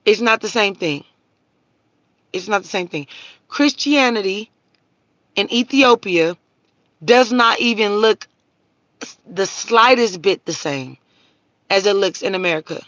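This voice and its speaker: A woman's voice: mid-range voice, expressive, a little slow, pauses often, a bit bright, no room sound, dull audio. A woman hosting a livestream, talking bluntly and profanely and answering viewers' comments in a preachy, casual rant. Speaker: livestream host.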